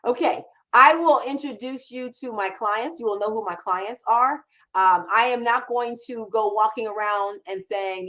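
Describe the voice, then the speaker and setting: A woman hosting a live mentoring Q&A, talking emphatically and conversationally. Her voice sits fairly high, and she often restarts and repeats phrases to drive a point home. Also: animated, moderate pace, fairly bright tone, low-quality recording. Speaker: copywriting mentor and show host. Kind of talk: live Q&A chat.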